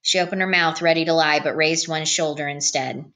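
A woman reading a novel aloud as an audiobook narrator, in a calm, even read-aloud manner. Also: deep voice, fairly quick. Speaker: audiobook reader. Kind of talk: storybook narration.

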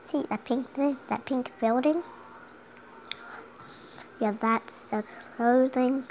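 Talking slowly through a game in her room at home, a young girl is chatty and giggly and sometimes hums along. The woman's voice is high-pitched, steady in tone and darkish, on a low-quality recording.

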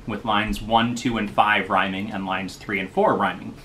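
A man hosting a daily poetry reading, casually explaining limerick rules at a slow, patient pace. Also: on the low side, little pitch movement, bright, forceful tone, slight background noise. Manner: explains slowly, tapping out rhythms. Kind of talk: casual teaching talk.

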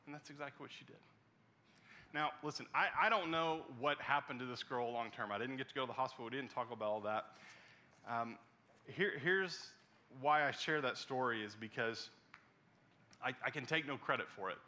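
A man preaching a sermon as pastor, telling a personal story earnestly and dropping to a soft hush at the tender parts. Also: medium pitch, normal speed.

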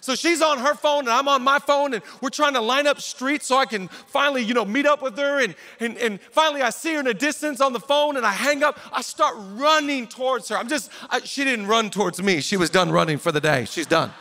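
High, bright-voiced impassioned male preacher. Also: a little fast, hardly any pauses. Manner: impassioned storytelling with shouted exhortations. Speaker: pastor. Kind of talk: conference sermon.

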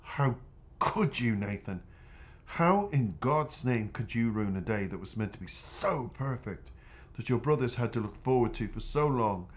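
A man's voice: mid-range voice, lively intonation, a little slow, natural voice. A man voicing Madame, a domineering middle-aged woman who scolds and reproaches. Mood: scolding.

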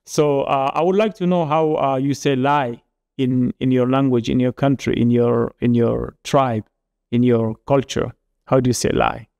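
Gravelly-voiced man teaching a language lesson. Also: medium pitch, fairly even intonation, measured pace, darkish tone. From Niger. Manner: patient explaining with frequent repeats and restarts.

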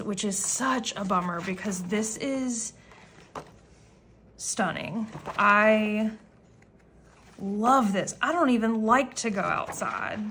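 Excitable woman rambling through an unboxing at home, all gushy, medium voice. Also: medium pitch, a little hiss or hum. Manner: gushing, excitable, chatty. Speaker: planner vlogger. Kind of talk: casual unboxing vlog. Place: common room at home, indoors.

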